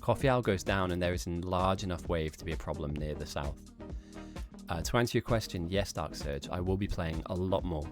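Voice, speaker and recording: A man's voice: deep voice, a little fast, music in the background. A man live-streaming esports commentary, chatting casually and self-mockingly with his viewers between calls of the action. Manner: chatty, self-mocking, rambling asides to chat.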